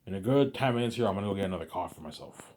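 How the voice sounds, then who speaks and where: A man's voice: deep voice, expressive, racing, background noise. A man vlogger ranting in a casual monologue, repeating himself and swearing freely. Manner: repetitive, profane ranting.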